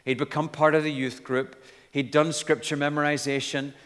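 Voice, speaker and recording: A man's voice: fairly high pitch, level tone, moderate pace, a bit bright, in a large hall. A man preaching a sermon in an earnest, emphatic way, with light asides.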